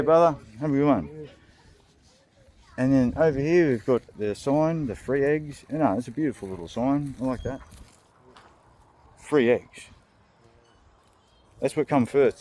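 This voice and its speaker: Brief: young Australian bloke, crude comic vlogger, laughs a lot, mid pitch. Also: male voice, lively intonation, moderate pace, pauses often, darkish tone. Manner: crude, joking, laughs often. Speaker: vlog host. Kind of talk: rambling comedic vlog.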